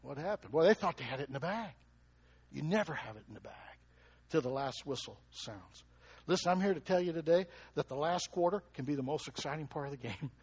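A man preaching a lively sermon, who keeps asking the congregation questions and chuckles between points. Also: a little high, a little fast, husky. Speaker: pastor.

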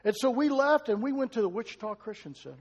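A man's voice: extremely high pitch, animated, quick pace, muffled recording. Man preaching in an echoing hall. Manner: conversational preaching with rhetorical questions. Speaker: pastor. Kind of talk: sermon.

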